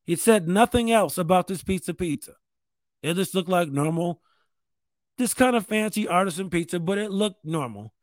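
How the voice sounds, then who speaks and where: A man's voice: high-pitched, animated, moderate pace, no room sound. A man from New York State hosting a show, talking in a rambling, profane, self-mocking casual monologue. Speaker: podcast host.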